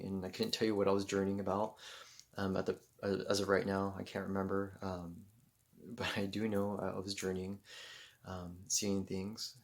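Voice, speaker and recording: Man, casual storytelling, rambling with fillers, lowish voice, bursts of shouted reenactment. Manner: acts out moments with loud shouted exclamations.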